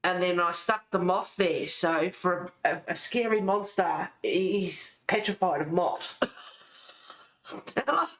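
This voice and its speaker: A woman's voice: lowish voice, animated, slow, a bit bright. Rambling, chatty woman. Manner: rambling, chatty, laughs often. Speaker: colouring and junk-journal vlogger. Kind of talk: casual chat showing crafts. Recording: echoey room.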